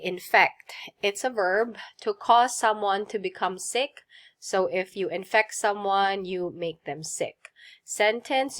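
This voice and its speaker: A woman teaching a vocabulary lesson, saying each word clearly, asking listeners to repeat it and praising them. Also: mid-range voice, fairly bright tone. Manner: slow, clear drills with repeat prompts and praise.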